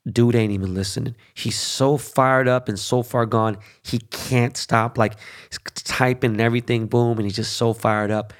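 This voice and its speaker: A man's voice: medium pitch, fairly even intonation, normal speed. A middle-aged man hosting a show, ranting in a heated, profane casual monologue full of fillers and restarts. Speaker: show host.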